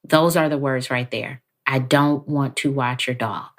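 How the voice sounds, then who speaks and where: A woman guest on a podcast interview, talking calmly and evenly, sometimes acting out quoted lines. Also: a bass voice. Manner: calm, measured, acts out quoted lines. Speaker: therapist guest.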